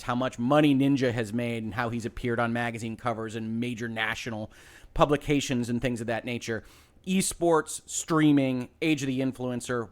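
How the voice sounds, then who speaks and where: A man, a lawyer and show host, explaining a legal case in a measured, careful way with frequent pauses and fillers. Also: medium pitch, a bit bright.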